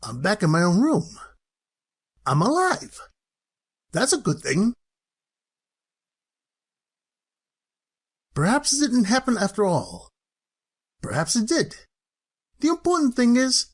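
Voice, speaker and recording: A woman voicing a grumpy old miserly man in an animated film, pleading and dramatic. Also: on the high side, breathy edge, heavily acted. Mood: relieved.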